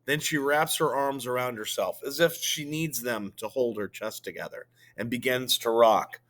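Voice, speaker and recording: A male teacher reading a novel aloud to his students, slowly and expressively, with filler words. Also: medium pitch, a bit bright.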